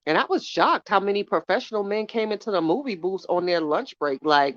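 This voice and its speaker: A woman's voice: medium pitch, lively intonation, fairly quick, few pauses, no room sound. A woman hosting a podcast, chatting casually with her live chat and telling gossipy stories in a blunt, profane way. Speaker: podcast host. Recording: dull lo-fi dry sound.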